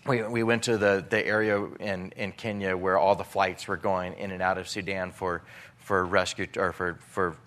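A man's voice: deep voice, flat delivery, normal speed, a bit bright. Emotional man telling a testimony. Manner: emotional, many restarts, acts out quoted dialogue. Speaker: relief worker telling a testimony. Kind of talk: personal testimony.

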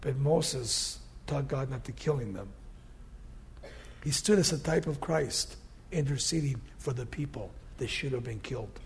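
Brief: male pastor, sermon, husky and gravelly, loud scripture reading broken by low asides. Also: lively intonation, measured pace. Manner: swings from loud emphatic scripture reading to quiet conversational asides.

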